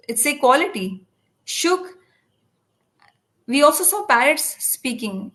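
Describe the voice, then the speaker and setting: Woman with a slightly high voice, live interpreter for a spiritual class, halting delivery with restarts. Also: lively intonation, fairly bright tone, poor audio. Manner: halting, with frequent restarts and fillers. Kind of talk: live translation of a devotional lecture.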